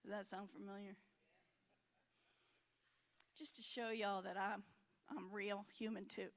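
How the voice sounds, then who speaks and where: A middle-aged woman preaching a frank, emotional sermon in a church, swinging between loud and hushed. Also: medium pitch, level tone, a little slow. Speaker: conference speaker.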